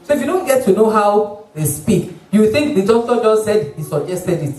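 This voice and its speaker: A doctor, an obstetrician from Nigeria with a Nigerian accent, giving a lively community health talk and mimicking patients and doctors along the way. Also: medium pitch, moderate pace. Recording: roomy hall, voice from far off the mic.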